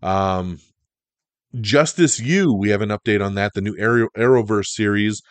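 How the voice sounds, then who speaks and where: A man hosting a podcast, running through entertainment news in a casual, animated way. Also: on the low side, normal speed, no echo. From Italian heritage. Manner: animated, chatty, breaks into goofy impressions. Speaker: podcast host.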